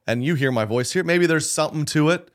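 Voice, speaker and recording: A man's voice: fairly high pitch, quick pace. Easy-going man from Oklahoma. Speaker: podcast host. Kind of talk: casual podcast chat.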